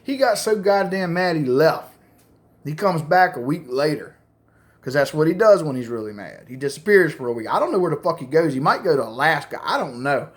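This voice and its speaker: A man's voice: fairly high pitch, sing-song, fairly quick. A man telling a crude, rambling story to camera in casual, profane chat. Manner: rambling, crude, full of fillers.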